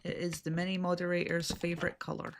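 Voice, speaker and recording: A woman's voice: on the low side, little pitch movement, fast, background noise. A woman chatting casually with friends while gaming, self-deprecating and often trailing off mid-sentence. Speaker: streamer playing with friends.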